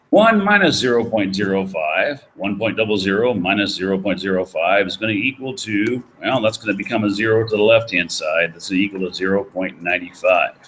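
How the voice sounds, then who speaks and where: A man's voice: lowish voice, a bit bright, a little hiss or hum, poor audio. A man giving a recorded economics lecture, folksy and jokey, asking the class questions as he works through problems. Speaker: economics professor.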